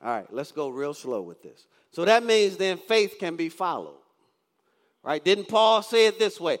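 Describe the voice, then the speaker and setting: Preaching in a church sanctuary full of long reverb, a man in his fifties speaks in a high pitch, very animated yet a little slow. As a pastor, he keeps asking the congregation questions and reading scripture aloud.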